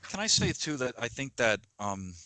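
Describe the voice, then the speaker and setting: A man's voice: medium pitch, big pitch swings, moderate pace, pushed and bright, dry recording, rough recording. A man co-hosting a podcast, speaking earnestly and with passion in casual film chat, often restarting his sentences. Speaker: podcast co-host.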